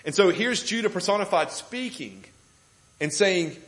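A man's voice: high-pitched, lively intonation, moderate pace, fairly bright tone, rough recording. A man preaching a sermon to a congregation, building emphasis with rhetorical questions. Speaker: pastor. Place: church room with congregation.

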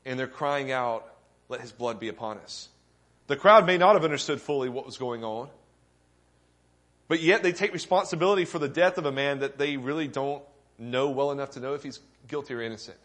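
A man's voice: medium pitch, brisk, fairly bright tone. A man preaching a sermon as pastor, earnest and often asking the congregation questions, rising with emphasis at key points.

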